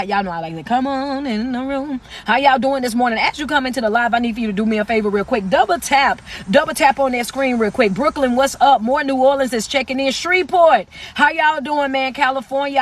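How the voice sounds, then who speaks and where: A woman giving a live-stream motivational talk into a phone, in a rhythmic, preacher-like cadence with lots of repetition, calling her listeners baby and sweetheart. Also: high-pitched. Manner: chatty shout-outs to viewers. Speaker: motivational speaker.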